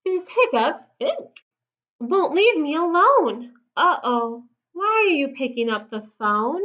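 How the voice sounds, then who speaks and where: Lady doing a hiccupy fussy papa bear, high voice bouncing all over, dull lo-fi sound. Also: very animated, slow, heavily acted. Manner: hiccups in sing-song rhyme.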